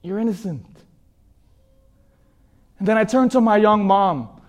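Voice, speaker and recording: A man delivers a sermon testimony with raw emotion. He talks in a halting way, repeating words as he pleads with his listeners, and his voice sits a little high for a man. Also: a little mellow. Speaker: preacher giving testimony.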